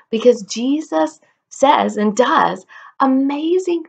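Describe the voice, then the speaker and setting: Children's teacher, woman, unhurried, faint gravel in the voice, playful with little kids. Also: a little high, animated. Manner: playful, asks questions and imitates animal sounds. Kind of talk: slow, simple storytelling for toddlers.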